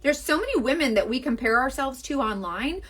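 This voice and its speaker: Young Southern woman, makeup livestream host, bubbly and rambling, voice on the higher side with lively swings. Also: a little fast, breathy edge. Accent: Southern American. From American South. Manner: chatty, gushing, rambling with many fillers. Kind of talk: casual livestream chat and makeup demo.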